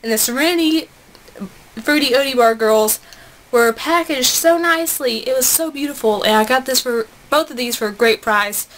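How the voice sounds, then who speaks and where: A young woman vlogging an unboxing at home, gushing and excitable, chatting to her viewers. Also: high voice, normal speed.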